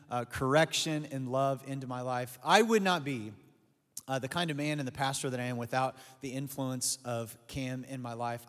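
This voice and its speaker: A man's voice: fairly high pitch, in a large hall. A man, the church's pastor, earnestly introducing a guest speaker with grateful words. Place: church sanctuary.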